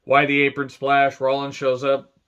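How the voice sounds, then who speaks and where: A man's voice: mid-range voice, monotone, normal speed, fairly bright tone, smooth, dull audio. A man casually recapping a wrestling show, rambling into crude jokes and sarcastic asides.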